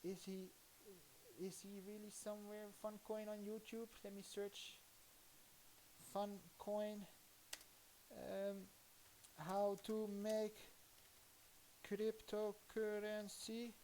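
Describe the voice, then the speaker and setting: In a warm, mid-range voice with a flat delivery, a woman from the Netherlands talks with a Dutch accent over slight background noise. She rambles through casual live-stream commentary while at her computer, thinking aloud and restarting haltingly.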